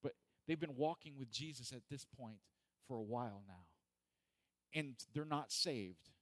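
A man's voice: mid-range voice, measured pace, no room sound. A man preaching a casual, joking sermon who acts out the people in the story. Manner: animated, joking, acts out voices. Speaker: pastor. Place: church hall.

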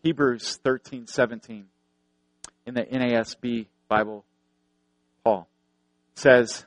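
Speaking slowly and pausing often, this earnest male preacher keeps a fairly even intonation as he repeats phrases for emphasis and tells stories in his sermon. The middle-pitched voice sounds dry and close, without room echo.

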